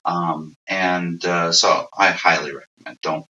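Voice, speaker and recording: Middle-aged man, bright, low-pitched, animated and chatty, recorded off-mic in an echoey room. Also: unhurried, recorded from a distance, dull audio. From United States. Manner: animated, acts out quoted exchanges. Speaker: English teacher guest. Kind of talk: casual conversational advice.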